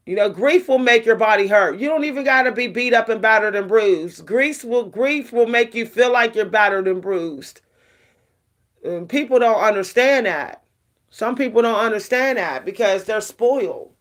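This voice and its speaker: A woman's voice: fairly high pitch, moderate pace. A middle-aged woman vlogging casually about self-care, talking frankly and rambling with lots of fillers.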